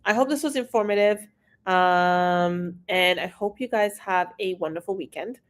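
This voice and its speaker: A woman's voice: lowish voice, normal speed. Frank woman hosting a live Q&A. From Iran. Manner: frank, casual, reads viewer questions aloud. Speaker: immigration consultant. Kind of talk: live-stream Q&A.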